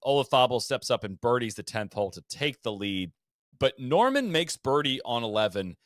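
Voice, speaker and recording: A man co-hosting a podcast, telling golf history in a loose, animated way, full of fillers and restarts. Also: mid-range voice, moderate pace, no echo, clean studio sound. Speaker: podcast co-host. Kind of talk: casual golf history chat.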